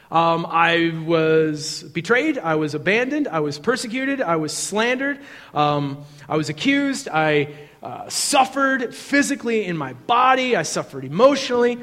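A man preaching a sermon. He talks in a conversational way and swings from loud to hushed, intimate passages. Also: high-pitched. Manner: conversational with fillers like "um" and "like". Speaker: pastor. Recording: long hall reverb.

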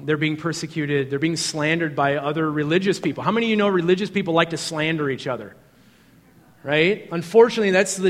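A man preaching a sermon. He talks in a conversational way and swings from loud to hushed, intimate passages. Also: on the high side. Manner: conversational with fillers like "um" and "like". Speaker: pastor. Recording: long hall reverb.

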